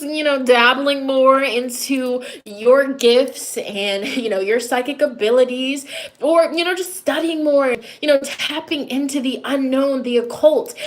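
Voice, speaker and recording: High-voiced playful tarot reader woman. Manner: playful, goofy, with laughs and exclamations; chatty, many fillers like "you know". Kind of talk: live tarot reading.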